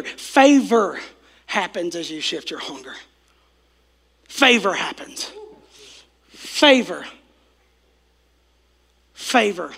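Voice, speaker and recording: A male pastor delivers an animated sermon, his high voice gravelly and worn from preaching. He swings from loud calls to hushed, near-whispered passages, and the tone stays bright and forceful. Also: drawn-out words, long pauses.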